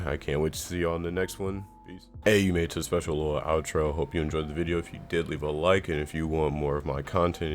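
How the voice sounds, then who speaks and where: A man's voice: a bass voice, slight background noise. A man hosting a casual commentary vlog, talking in a laid-back, slangy, rambling way. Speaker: YouTube commentary host.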